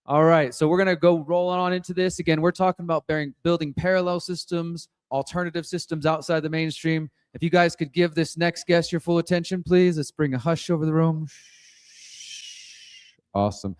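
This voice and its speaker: A man's voice: on the high side, fairly quick, few pauses, clean tone, no echo, studio quality. A man hosting an event, upbeat and talking straight to the room as he introduces the next speaker. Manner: upbeat, addresses the room directly. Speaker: event host. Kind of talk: introducing a speaker to a live audience.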